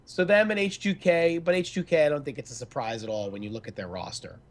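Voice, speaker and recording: Male podcast co-host, slightly high voice, casual joking banter. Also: fast. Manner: loose, joking, crude banter. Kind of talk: casual esports podcast chat.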